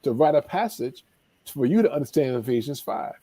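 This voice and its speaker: Male life coach guest, preacherly storyteller, warm low tone, dead-dry sound. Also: expressive, fairly quick, breathy edge, no echo. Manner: preacherly, acts out dialogue, emphatic repetition. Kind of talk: animated storytelling advice.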